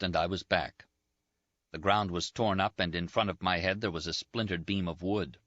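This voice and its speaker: A man reading a novel aloud in a measured, grave first-person narration, in a muffled dry recording. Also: sits low, sharp tone, dry recording. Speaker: audiobook narrator. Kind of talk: scripted narration.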